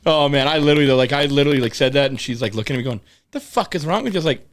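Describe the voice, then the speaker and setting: Fast, lively man telling crude stories. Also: medium pitch. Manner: crude storytelling, quick and animated. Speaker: podcast host. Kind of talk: casual podcast banter.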